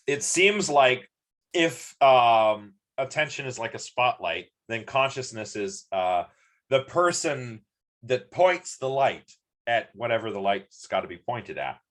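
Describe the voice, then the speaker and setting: A man teaching a class over a live stream, talking in a loose, rambling way full of ums and restarts. His voice rises and falls in a lively, animated way. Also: medium pitch, takes it slowly. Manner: chatty, rambling, many ums and restarts, sleepy yawns. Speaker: lecturer. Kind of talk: live-streamed university lecture.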